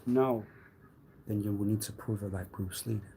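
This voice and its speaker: A man on a live stream delivering a rambling, accusatory monologue, swinging between loud outbursts and low muttering. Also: steady tone, moderate pace, gravelly, heavy background noise. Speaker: livestreamer.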